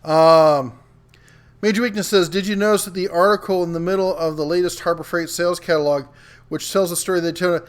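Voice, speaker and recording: A man's voice: high voice, steady tone, fast, clean tone. Chatty man reading viewer comments. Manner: chatty, reads viewer comments aloud with many ums. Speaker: host of a live tool show reading chat. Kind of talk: casual livestream chat.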